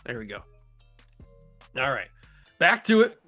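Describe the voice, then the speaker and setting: A man commenting on his own football video game, excitable and joking, calling plays and grumbling at the coaching. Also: medium pitch, a little slow, faint music behind. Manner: excitable, playful trash talk about his own plays. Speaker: gaming YouTuber. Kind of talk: gameplay commentary.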